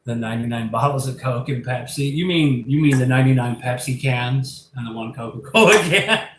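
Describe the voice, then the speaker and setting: Rambling, excitable man in an echoey room. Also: medium pitch, fairly quick, a little hiss or hum. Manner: rambling, excitable, laughs and swears often. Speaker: live-stream host showing his pet invertebrates. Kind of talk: casual rambling live stream. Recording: echoey room with faint ambience.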